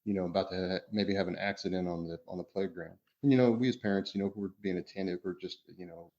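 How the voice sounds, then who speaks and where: A father on a casual podcast, speaking in a very low voice and rambling along with constant "you know" fillers. The audio sounds dull and lo-fi, and his thoughts wind through restarts before landing. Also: fairly even intonation, quick pace, mellow.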